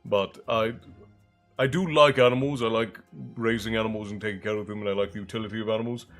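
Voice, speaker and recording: A man's voice: fairly low pitch, steady tone, fast talker, faint music behind. A man hosting a casual live stream, chatting loosely with viewers, reading out their messages and thanking them by name. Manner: chatty, reads chat aloud and thanks viewers.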